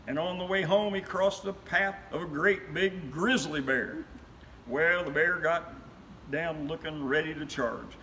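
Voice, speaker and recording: A man reciting a humorous story poem with a steady rhythm. He rises into loud cries at the big moments. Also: sits high, a little hiss or hum, low-quality recording. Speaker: guest.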